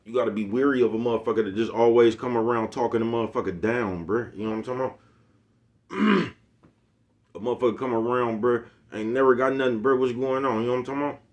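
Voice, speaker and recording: A man's voice: medium pitch, quick pace. Forties man rambling streetwise pep talk. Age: 40s. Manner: rambling, repeats catchphrases, streetwise slang. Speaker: YouTube host. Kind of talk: casual motivational monologue.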